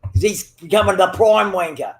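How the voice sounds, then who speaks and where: A man's voice: high voice, animated, moderate pace. A man in casual banter with a friend over voice chat, rambling and teasing, swearing constantly. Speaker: gamer chatting with a friend.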